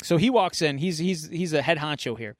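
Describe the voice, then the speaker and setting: A man's voice: a little high, fairly quick, no room sound, studio quality. Upbeat man retelling a comic. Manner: animated retelling, slips into character voices. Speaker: podcast host. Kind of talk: casual comic book chat.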